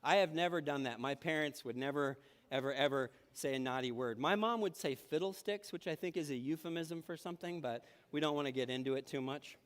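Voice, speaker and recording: A man's voice: on the high side, fairly quick, smooth, long reverb tail. A man preaching a sermon in a church, telling stories and acting out the voices he quotes. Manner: lively storytelling, acts out quoted voices. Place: church sanctuary.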